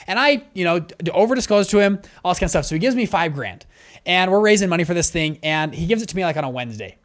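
A man with a somewhat high voice teaches investing at a whiteboard. He talks in a brisk, conversational way and often restarts his sentences as he explains. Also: expressive. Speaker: fund manager teaching investors. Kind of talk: whiteboard lesson.

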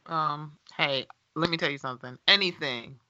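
Young woman, podcast guest, playful, teasing, very bright voice, dull lo-fi recording. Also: sits low, moderate pace, no echo. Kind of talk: casual chat. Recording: dull lo-fi sound.

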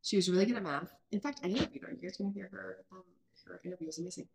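A woman's voice: medium pitch, rapid-fire, gravelly, a little mellow, slight background noise. A woman in her mid-thirties hosting a parenting podcast, talking earnestly and thinking aloud with many restarts. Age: mid-30s. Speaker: podcast host. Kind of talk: casual parenting podcast chat.

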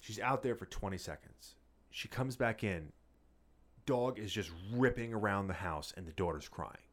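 A man co-hosting a casual podcast chat, telling a profane, animated story. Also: fairly low pitch, moderate pace. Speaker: podcast co-host.

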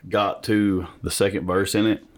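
Man, very low pitch, podcast host, animated self-mocking storyteller, home room with big windows. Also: moderate pace. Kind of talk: casual chat. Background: passing traffic and children audible.

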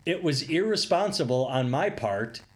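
A man's voice: fairly high pitch, lively intonation, moderate pace. A man with a slightly raised voice chats through odd news stories on a podcast. He keeps it loose and jokey and breaks into laughter often. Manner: joking, laughs often, chatty story-telling. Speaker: podcast co-host. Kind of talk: casual podcast chat.

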